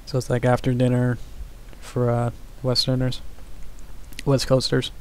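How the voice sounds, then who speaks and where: A man talks in an even monotone at a middle pitch while he works on an animation. He chats quietly with his stream audience and fills his pauses with "uh" and "like". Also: slight background noise, low-quality recording. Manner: soft-spoken, mumbling, many fillers. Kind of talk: casual live-stream chat.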